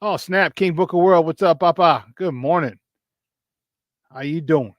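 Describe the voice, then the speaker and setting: A man hosting a casual morning sports talk show, energetic and slangy, greeting viewers by name and laughing often. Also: a little high, measured pace, no echo, lo-fi sound.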